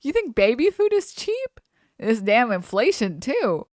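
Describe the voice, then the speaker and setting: Woman streamer, high voice, dry close sound, animated sarcastic ranting, swears a lot. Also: a little slow, no room sound. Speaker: streamer reacting to a video. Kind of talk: casual live-stream commentary.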